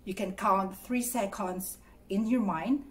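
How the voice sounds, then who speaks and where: A woman vlogger talking to camera in a soft, earnest, encouraging way, walking viewers through mindfulness steps. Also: mid-range voice, takes it slowly, a little hiss or hum. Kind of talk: gentle instructional talk to camera.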